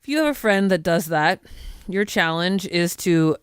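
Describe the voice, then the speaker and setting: Woman, lowish voice, podcast co-host, rambling casual chat, dry close sound. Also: animated, normal speed, clean tone, no room sound. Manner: rambling, casual, with loose swearing.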